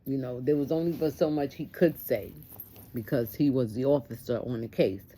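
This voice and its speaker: A woman's voice: a bass voice, moderate pace, dark tone, a little hiss or hum. A woman telling a personal testimony story in an earnest way, repeating phrases for emphasis.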